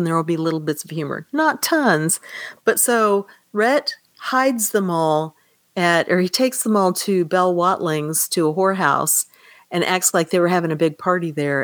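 Woman podcast host talking books, amused and chatty, kinda low voice, dry close sound. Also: no room sound. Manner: animated, amused, reads passages aloud. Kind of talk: casual book discussion.

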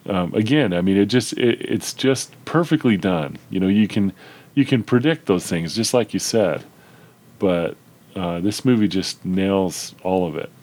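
Male co-host, low and easygoing, casual film chat. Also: a little slow, darkish tone. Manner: easygoing, lots of agreeing fillers. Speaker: podcast co-host.

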